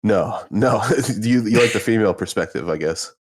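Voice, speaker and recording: A man co-hosting a comedy podcast, teasing his friends with crude deadpan banter and steering the questions. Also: fairly low pitch, normal speed, slight background noise. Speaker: podcast co-host.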